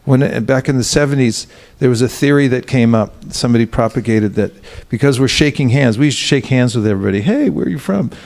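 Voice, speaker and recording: A man's voice: medium pitch, fairly even intonation, quick pace, few pauses, darkish tone. A man giving a sermon as a spiritual teacher, speaking conversationally with frequent fillers and stories. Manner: conversational, storytelling with filler words.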